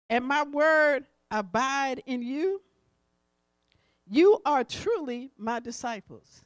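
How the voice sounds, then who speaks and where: A middle-aged woman preaching a sermon, swinging from hushed teaching to loud exhortation. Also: a little high, no room sound.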